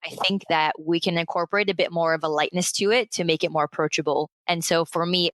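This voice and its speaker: Chatty American woman, low smooth voice. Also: no room sound. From United States. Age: late 30s. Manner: lively, chatty, laughs often. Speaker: guest, founder of a play consultancy. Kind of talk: casual interview storytelling.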